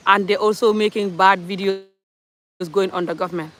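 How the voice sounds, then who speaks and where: A woman's voice: mid-range voice, fairly even intonation, moderate pace, faint music behind. A woman from Gambia, passionately ranting in an opinionated social commentary monologue, full of rhetorical questions. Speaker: commentary vlogger.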